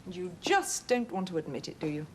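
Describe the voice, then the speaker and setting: An actress playing an anxious wife who speaks in an earnest, insistent, emotional way. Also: female voice, on the low side, very animated, fairly quick, a little hiss or hum. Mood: troubled. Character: anxious wife, troubled by past betrayal.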